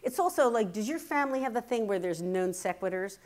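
A woman in her fifties giving a keynote speech, telling family stories in a lively, chatty, self-deprecating way that turns earnest and reflective at times. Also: medium pitch, a little fast. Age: 50s. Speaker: keynote speaker. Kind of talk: humorous storytelling speech. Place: stage at a writers' workshop, before a live audience.

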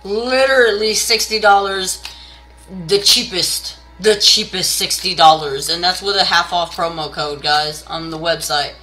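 Bright-voiced blunt tarot reader woman. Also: a little slow, soft background music, rough recording. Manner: blunt and profane, scolding viewers; pushy sales pitch. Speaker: tarot reader doing a live stream. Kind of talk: casual live tarot reading.

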